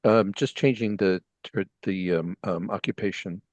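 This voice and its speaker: A man's voice: low-pitched, moderate pace, a little mellow, muffled recording. A man playing in an online tabletop game, hesitant with a dry sense of humour. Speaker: player. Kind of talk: casual tabletop chat.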